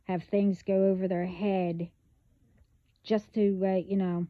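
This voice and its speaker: A woman talking bluntly in a casual spiritual vlog, halting, with many fillers and restarts. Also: mid-range voice, level tone, no echo. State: hiccups. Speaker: vlogger. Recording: phone-like band-limited audio.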